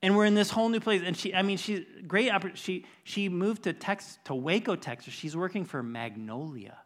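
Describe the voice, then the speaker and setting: A man's voice: sits high, moderate pace. Middle-aged pastor guy, earnest, storytelling sermon that gets emphatic.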